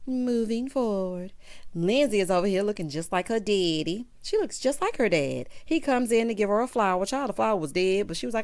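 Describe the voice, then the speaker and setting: A woman's voice: mid-range voice, brisk. A woman giving a sassy, chatty recap of a reality TV episode, acting out the cast's lines as she goes. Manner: sassy, animated, acts out cast quotes. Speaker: show recap host. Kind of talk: casual TV recap commentary.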